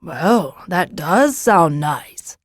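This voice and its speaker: A woman voicing a gentle old grandfather in an audiobook, patient and fond in manner. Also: on the low side, very animated, very slow, dry recording, exaggerated voice. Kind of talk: audiobook character reading.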